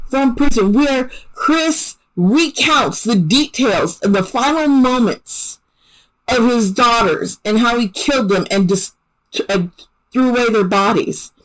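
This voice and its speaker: A woman's voice: a little high, expressive, slow, rough recording. Chatty, emotional woman talking true crime. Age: adult parent. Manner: chatty, emotional, with frequent fillers and restarts. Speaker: channel host. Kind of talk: casual true-crime commentary.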